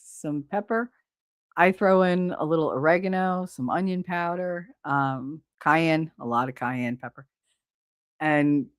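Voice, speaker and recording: A woman's voice: low voice, no room sound, clean studio sound. A middle-aged woman hosting a live stream, chatting casually and bluntly, swearing freely while she reads viewers' comments.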